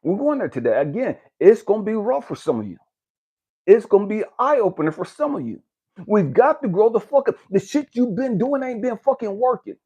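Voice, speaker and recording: A man acting as a spiritual life coach delivers a blunt, cursing motivational rant to the camera that builds into shouting. His high-sitting voice is sing-song and brisk, with a breathy edge.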